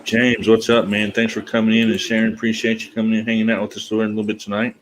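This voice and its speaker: A man's voice: lowish voice, monotone, fast talker, slight background noise, poor audio. A man hosting a casual live chat on a video call, folksy and easygoing. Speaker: livestream host.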